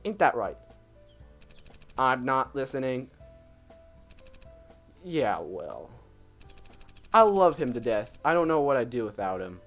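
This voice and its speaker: A man playing an easygoing, friendly young male student in a game let's play, upbeat and lively. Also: medium pitch, takes it slowly, pauses often, soft background music, full character voice.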